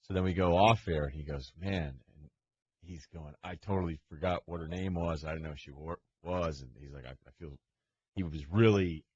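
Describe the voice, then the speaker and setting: A man's voice: deep voice, normal speed, a little mellow, breathy edge. A man co-hosting a sports radio show, telling stories in dry, casual banter. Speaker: co-host. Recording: slightly muffled with faint noise.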